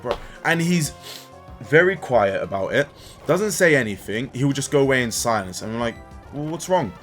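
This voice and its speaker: A young man in casual gaming commentary, an animated storyteller who swears and keeps tagging "right?" as he vents about coaching. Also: mid-range voice. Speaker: gaming YouTuber and kids' sports coach. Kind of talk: casual ranting commentary over gameplay.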